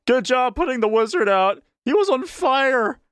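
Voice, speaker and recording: A man voicing a mocking male cat-folk heckler who shouts taunts across a tavern. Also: very high voice, expressive, normal speed, smooth, no room sound, clean studio sound, pitched above the performer's own voice.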